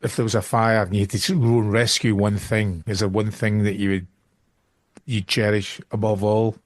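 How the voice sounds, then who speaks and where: A man's voice: on the low side, level tone, moderate pace. A man hosting a podcast, asking easygoing questions with dry jokes. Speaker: podcast host. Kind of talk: casual podcast chat.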